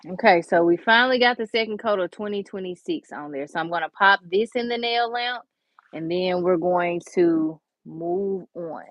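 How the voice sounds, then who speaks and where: A woman's voice: lowish voice, moderate pace, no room sound. A woman chatting casually through a nail tutorial, talking to viewers as y'all and honey in a folksy, chatty way. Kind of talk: casual how-to chat.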